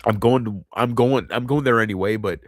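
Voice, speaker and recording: A man speaking in an unscripted confessional monologue to his viewers, halting and heavy, often restarting and trailing off. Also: lowish voice, no room sound, studio quality. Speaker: channel host.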